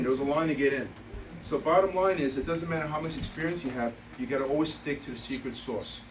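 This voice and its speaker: Recorded from a distance in an echoey meeting room with a noisy background, a man of medium pitch gives a motivational seminar to insurance agent trainees in front of a live audience. He speaks emphatically, repeating key points and telling stories with quoted dialogue.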